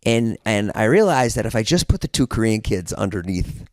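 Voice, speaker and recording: A man's voice: lowish voice, sing-song, normal speed, no echo, clean studio sound. A young man on a podcast telling a long story in casual chat, rambling with lots of fillers and restarts. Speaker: podcast guest.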